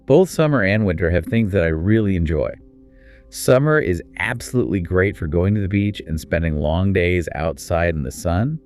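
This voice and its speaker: A man co-hosting a scripted English speaking lesson, with clear, encouraging teacher delivery. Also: sits low, lively intonation, normal speed, darkish tone, soft background music. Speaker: co-host of an English speaking course.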